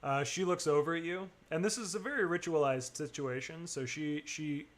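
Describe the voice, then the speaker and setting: A man running a tabletop game as game master, narrating in a loose, halting way full of fillers. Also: a little high.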